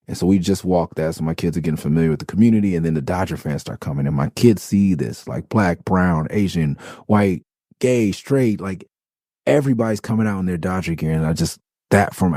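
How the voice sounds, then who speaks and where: A man's voice: deep voice, mellow, dry recording. A middle-aged man from Los Angeles hosting a podcast, telling a loose, profane, rambling story with many restarts. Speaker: podcast host. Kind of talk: casual storytelling monologue.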